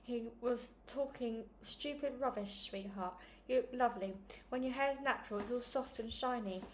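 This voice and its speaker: A woman doing a gentle doting mother. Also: fairly high pitch, moderate pace, slight background noise, natural voice. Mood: soothing. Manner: gentle and coaxing. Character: soft, doting, tearful mother.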